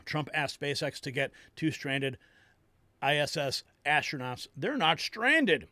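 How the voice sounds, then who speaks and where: A male host delivering excitable political news commentary, reacting to clips. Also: a little high, slow, dry recording.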